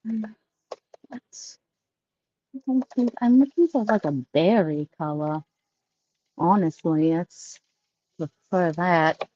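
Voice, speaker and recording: Woman vlogger, folksy and rambling, low voice, dry close audio. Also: takes it slowly, long pauses, dark tone, no echo, highs cut off. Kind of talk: casual shopping vlog. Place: store.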